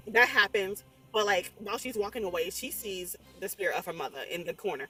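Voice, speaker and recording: A young adult woman recapping a horror movie in a casual, rambling way, animated and swearing constantly as she exclaims through the story. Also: medium pitch, brisk, hardly any pauses, recorded from a distance. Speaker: movie reviewer. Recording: voice a bit off-mic, faint music behind.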